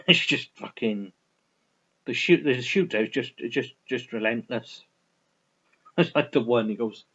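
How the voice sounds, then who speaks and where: A man's voice: medium pitch, slow pace, pauses often, bright, forceful tone. A man rambling through a casual film review, restarting sentences and swearing freely. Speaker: vlogger reviewing films. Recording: dull lo-fi recording.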